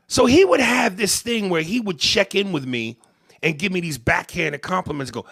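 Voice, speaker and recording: A man who works as a comedian, co-hosting a podcast and telling profane, animated, joking stories in a casual rant. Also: high-pitched, moderate pace, creaky, husky, dry recording, clean studio sound.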